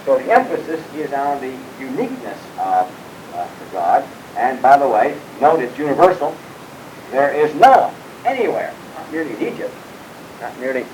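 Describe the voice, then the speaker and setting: A man's voice: medium pitch, very animated, brisk, darkish tone, slight background noise, low-quality recording. A man teaching a Bible class, explaining passages and putting questions to his students, with frequent asides and hesitations.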